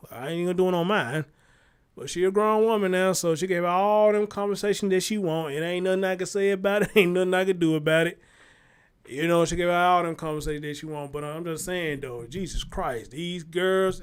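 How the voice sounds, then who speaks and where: A man hosting his own show, telling stories in a blunt, animated commentary with heavy slang. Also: sits high, smooth. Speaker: show host. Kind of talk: casual commentary monologue.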